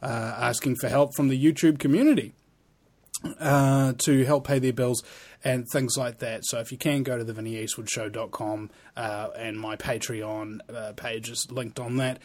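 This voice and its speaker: A man's voice: medium pitch, fairly even intonation, moderate pace, a little mellow. A man hosting a talk radio show, speaking in a rambling, earnest monologue with many fillers.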